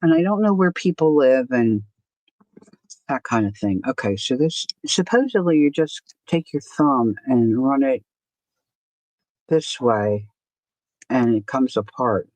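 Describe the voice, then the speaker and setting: A woman's voice: a bass voice, expressive, a little slow, pauses often, darkish tone, no echo. A woman hosting a casual art journaling livestream, chatting to herself and greeting viewers by name as she works. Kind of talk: casual chat while crafting on a livestream.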